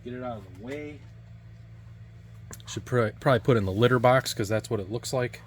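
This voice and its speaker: Slight background noise sits under this man's medium-pitched voice as he casually tastes and reviews old food. He keeps restarting his sentences, rambling and halting with plenty of fillers.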